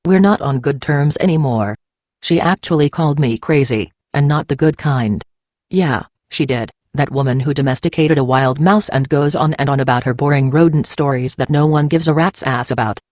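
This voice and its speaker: A man's voice: on the high side, moderate pace, a little mellow, dry recording, clean studio sound, natural voice. A man reading out a snide, dismissive female online commenter in a put-on voice.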